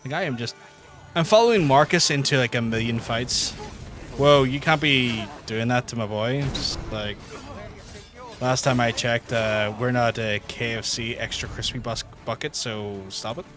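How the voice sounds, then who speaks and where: A man's voice: medium pitch, normal speed, music in the background. A young man streaming a game, telling stories with free swearing and frequent laughs. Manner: swears freely, laughs often, animated storytelling. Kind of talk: casual livestream commentary.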